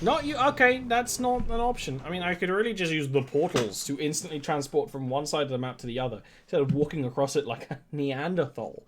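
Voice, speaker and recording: A man's voice: a little high, brisk, few pauses, noisy background. A man streaming a game, chatting casually and rambling from one tangent to the next in a self-deprecating way. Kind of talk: casual gameplay chat.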